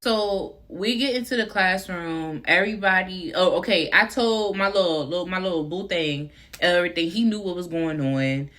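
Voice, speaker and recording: A young woman tells a story to her viewers in a casual, chatty way, leaning on fillers and speaking to them as y'all. Her voice sits a little low but sounds bright and sharp. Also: normal speed, hardly any pauses. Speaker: vlogger.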